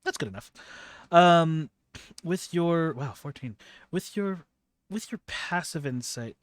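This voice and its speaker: A man narrating a tabletop game as game master, in a slow, halting way. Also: fairly high pitch, dry recording.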